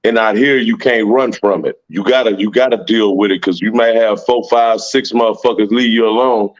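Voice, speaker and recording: A man's voice: lowish voice, fairly even intonation, normal speed, muffled recording. A man in casual conversation, talking bluntly in profane street slang and often tagging his sentences with "man".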